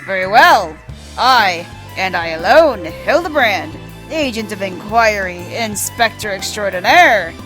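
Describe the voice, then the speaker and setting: A woman voicing a flamboyant, self-assured male gentleman inspector from a video game, proclaiming his lines grandly. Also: mid-range voice, animated, unhurried, soft background music. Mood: grandiose.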